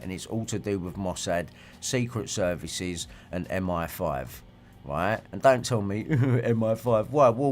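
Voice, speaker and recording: A man, ranting and swearing in a rambling livestream monologue and reacting to viewer comments. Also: fairly low pitch. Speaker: livestream host.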